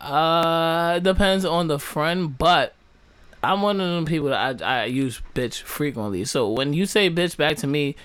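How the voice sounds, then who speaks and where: A young man talks in a casual podcast chat with a voice that sits a touch high. He is brash and profane and teases freely. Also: measured pace, a bit bright, clean tone, dry recording. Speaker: podcast co-host.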